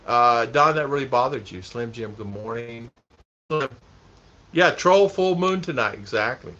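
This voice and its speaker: Male vlog host chatting to a live chat, bright tense tone, rambles and repeats, muffled stream sound. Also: medium pitch, animated, a little slow. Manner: rambling, repeats himself, laughs a lot. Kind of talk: casual livestream chat. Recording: dull lo-fi stream audio.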